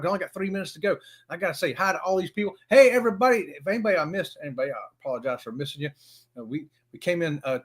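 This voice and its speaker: Folksy and excitable, a high-pitched man from Florida in his fifties welcomes viewers by name on his casual live stream, speaking in a Southern US accent.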